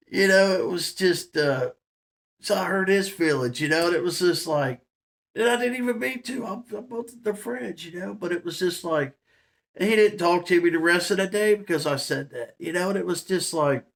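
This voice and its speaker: Rambling chatty man, fairly high voice. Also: moderate pace, creaky, fairly bright tone. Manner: rambling, many fillers and laughs. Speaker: vlogger. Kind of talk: casual storytelling monologue.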